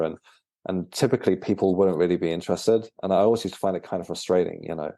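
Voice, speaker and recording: A man, a guest and author, telling his story in a casual interview, halting and often repeating words. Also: low-pitched, vocal fry, warm tone, no echo, clean studio sound.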